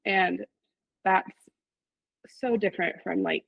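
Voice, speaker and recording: A woman, a mother and former client, speaking heartfelt as a podcast guest and often murmuring soft agreement. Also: mid-range voice, normal speed, creaky, pauses often, no echo, muffled recording. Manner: heartfelt, frequent soft affirmations. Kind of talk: casual podcast conversation.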